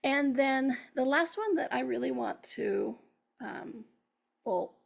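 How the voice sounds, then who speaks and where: A woman hosting a self-help show, her voice heavy with gravelly fry and a husky grain. She sits a bit above the usual pitch for a woman and talks to her audience in an upbeat, encouraging way. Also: expressive, takes it slowly. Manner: upbeat, encouraging, addresses listeners directly. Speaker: host. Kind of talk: motivational self-help talk.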